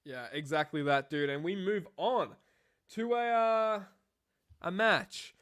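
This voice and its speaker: A man's voice: high voice, slow, a bit bright, clear, resonant tone. A young man co-hosting a wrestling review podcast, rambling and swearing in casual chat. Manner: profane, rambling, jokey. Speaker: podcast co-host.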